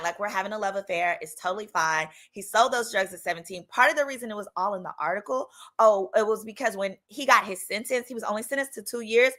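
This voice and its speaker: Bright, animated woman telling stories. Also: fairly high pitch. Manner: animated, playful, acts out quoted voices. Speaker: attorney and channel host. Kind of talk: casual comedic storytime.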